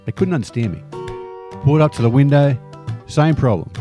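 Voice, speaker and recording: A man's voice: medium pitch, expressive, brisk, warm tone, soft background music. A middle-aged Australian man with an Australian accent, narrating a vlog in a wry, joking way. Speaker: vlogger. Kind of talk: scripted narration.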